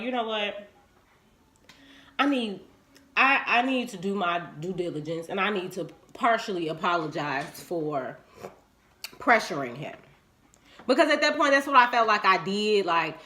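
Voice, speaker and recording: A woman, telling a candid personal story to her viewers and acting out what people said. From Chicago, US. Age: 20s. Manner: animated and frank, acting out quoted lines in swooping pitch.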